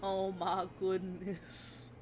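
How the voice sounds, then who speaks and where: A woman chatting casually on a livestream while she draws, gushing and giggling, with bursts of excitement and casual swearing. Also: medium pitch, drawn-out words, soft background music. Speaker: art streamer.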